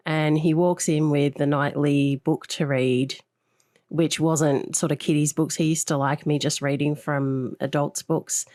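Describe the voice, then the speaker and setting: A woman hosting a podcast with a low voice, talking earnestly and reflectively and pausing now and then. The recording is dry and close, with no room echo. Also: a little mellow. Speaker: podcast host. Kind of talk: conversational interview.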